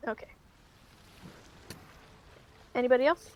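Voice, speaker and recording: A woman's voice: a little slow, dull audio. A woman running a tabletop game as game master. She narrates in a rambling way, with lots of ums and restarts.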